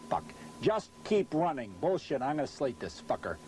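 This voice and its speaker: A man's voice: on the high side, big pitch swings, normal speed, darkish tone, slight background noise. A man presenting an industrial film, swearing constantly and exasperated as he keeps forgetting his lines on a hot studio set. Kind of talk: blown takes and outtakes on a film shoot. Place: hot studio set beside a car under bright lights.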